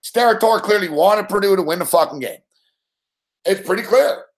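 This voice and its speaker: Young guy doing late night betting talk, cursing up a storm, pretty high voice. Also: normal speed. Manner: profane angry ranting. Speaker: sports betting commentator.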